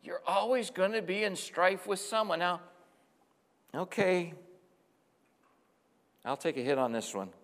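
A middle-aged male pastor preaching with a bright, forceful voice, pitched a little high for a man. He swings from low, confiding asides to emphatic, rising exhortation. His voice rings out with a long reverb tail, as in a large hall. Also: unhurried, pauses often. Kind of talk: sermon.

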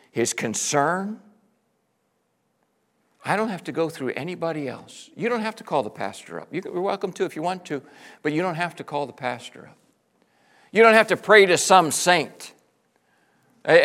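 Pastor, male, high and gravelly, dynamic sermon delivery with hushed and shouted passages. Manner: animated preaching with wide swings from hushed to shouting; acts out listeners' voices in quotes.

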